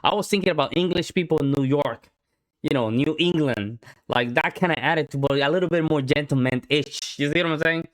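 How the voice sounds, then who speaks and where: A man from the States gives casual reaction commentary. His voice sits a little higher than most men's. He talks in a loose, slangy way, throwing in plenty of "man" and "bro". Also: fairly quick. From United States. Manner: laid-back, slangy, calls listeners man and bro. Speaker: reaction video host.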